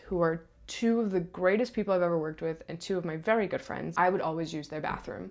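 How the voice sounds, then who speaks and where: A young woman, a stage manager, telling a backstage story in a chatty, animated way with lots of asides. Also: lowish voice. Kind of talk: casual storytelling to camera.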